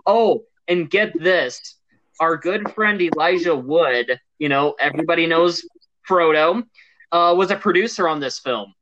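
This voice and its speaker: A man's voice: a little high, a little slow, lo-fi sound, background noise. A man co-hosting a casual movie podcast, rambling through a story with many fillers and restarts. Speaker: podcast co-host. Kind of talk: casual chat about movies.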